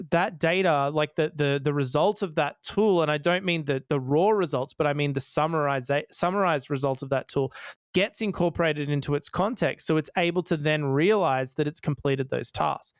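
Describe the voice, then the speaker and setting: A man's voice: fairly high pitch, smooth, no echo, clean studio sound. A man co-hosting a tech podcast, explaining ideas eagerly with frequent restarts. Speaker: podcast co-host. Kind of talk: casual tech podcast chat.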